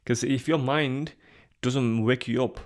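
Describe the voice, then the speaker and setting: A man's voice: medium pitch, fairly even intonation, a little slow. A man in his thirties from the UK, a podcast guest talking earnestly in casual conversation. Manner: earnest, sprinkles religious phrases.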